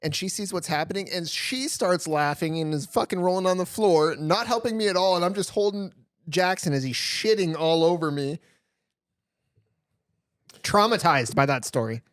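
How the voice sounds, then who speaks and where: A middle-aged man co-hosting a casual podcast, with a slightly high voice. He tells his stories in an animated way, full of stammered restarts and swearing. The recording is close and dry. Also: normal speed, no room sound. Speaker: podcast co-host. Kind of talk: casual chat, storytelling.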